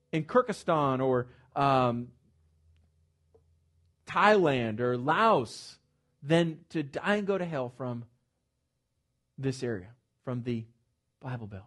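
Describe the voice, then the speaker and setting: A pastor delivers an emphatic sermon in a church sanctuary, his voice sitting a little higher than most men's. He stays animated throughout, drops joking asides, and often repeats a word as he starts a new thought. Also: slow pace, long pauses. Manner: repeats words when starting phrases.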